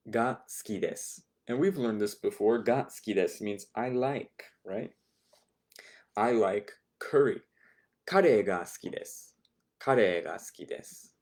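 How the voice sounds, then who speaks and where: Slow, low-voiced man teaching a class. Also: a little mellow. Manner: patient, explanatory, repeats words for drill. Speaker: language teacher. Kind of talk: recorded online lesson.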